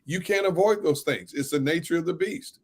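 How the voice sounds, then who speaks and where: A man co-hosting a sports talk show, pushing back on his guest with calm, teasing questions. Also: fairly high pitch, breathy edge. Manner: measured, needling, teasing questions.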